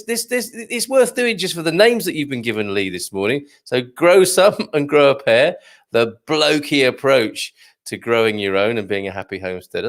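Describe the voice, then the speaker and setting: Reading through viewer comments on his live morning show, a middle-aged host chats casually, tells corny dad jokes and chuckles a lot. His voice sits at medium pitch with vocal fry.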